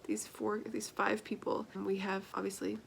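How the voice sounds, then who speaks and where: A young woman chatting casually in a book vlog, stuffy-nosed from crying, emotional and laughing often, sometimes dropping to a soft whisper. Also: medium pitch, monotone, moderate pace, vocal fry, slight background noise. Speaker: book vlogger.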